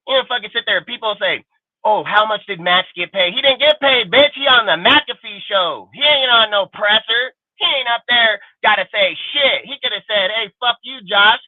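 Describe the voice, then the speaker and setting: A man's voice: high-pitched, no room sound. Fired-up man ranting over a tinny line. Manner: profane, fired-up, repetitive ranting. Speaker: podcast co-host. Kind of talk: heated sports ranting. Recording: dry, tinny phone-like audio.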